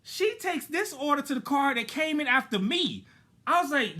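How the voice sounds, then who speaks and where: A man telling a story casually, animated and slangy, acting out his own lines. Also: extremely high pitch, normal speed.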